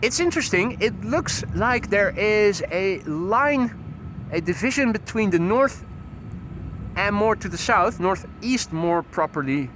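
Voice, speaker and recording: A man's voice: sits high, lively intonation, measured pace, background noise. A man hosting a live plane-spotting stream, reading out flight details with wry, joking asides from outdoors by an airport runway. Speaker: plane-spotting livestream host. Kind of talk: live aviation commentary.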